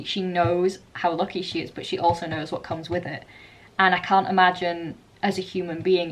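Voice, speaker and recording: A woman vlogger chatting casually about an album, talking in quick bursts with restarts. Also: fairly low pitch. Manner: chatty, restarts and laughs often. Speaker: music vlogger.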